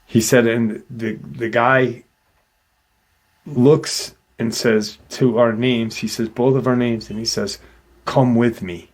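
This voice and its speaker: Man, middle-aged, slow halting storyteller, casual retelling, lots of fillers. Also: medium pitch, level tone. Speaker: host retelling a witness account.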